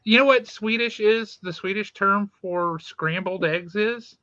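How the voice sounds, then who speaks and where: A man hosts a relaxed podcast, chatty and amused, cutting in with asides. His voice sits high for a man and rings bright and forward. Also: measured pace, no echo, highs cut off. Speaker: podcast host. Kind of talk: casual podcast chat.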